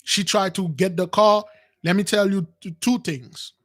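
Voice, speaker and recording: A man's voice: high voice, unhurried. A man telling a dramatic personal story to his listeners, acting out the quotes, with repeats and restarts. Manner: animated retelling with acted quotes, addresses "brothers"; non-standard grammar, repeats and restarts. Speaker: spiritual channel host.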